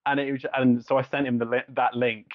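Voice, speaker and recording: A man co-hosting a podcast, telling stories in a casual, animated way, laughing often and swearing freely. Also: mid-range voice, fairly quick, a crowd in the background. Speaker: podcast co-host. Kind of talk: casual chat. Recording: dull lo-fi dry podcast audio.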